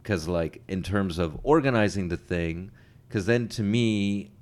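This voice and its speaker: Low-voiced dude co-hosting a podcast, laid back, keeps repeating himself. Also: male voice, measured pace. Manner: relaxed, loose, repeats phrases. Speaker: podcast co-host. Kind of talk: casual podcast chat.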